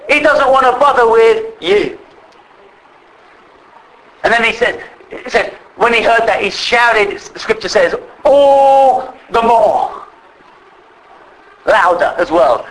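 A man preaching a sermon with passion, addressing the congregation as brethren and rising to shouts. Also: very high-pitched, unhurried, poor audio. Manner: impassioned, rises to shouts.

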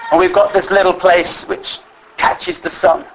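A man preaching a sermon, earnestly slowing down to stress the scripture he reads. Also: high voice, level tone, slight background noise, rough recording.

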